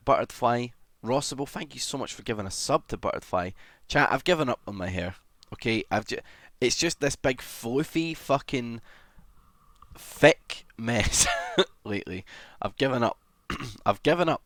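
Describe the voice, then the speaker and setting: A man's voice: medium pitch, no room sound, studio quality. A young man livestreaming in casual chat, greeting viewers one by one and swearing casually.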